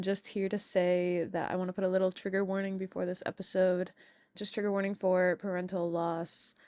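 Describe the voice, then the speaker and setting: A woman's voice: fairly low pitch, darkish tone. A woman hosting a podcast interview, friendly and a little rambling as she asks questions. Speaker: podcast host.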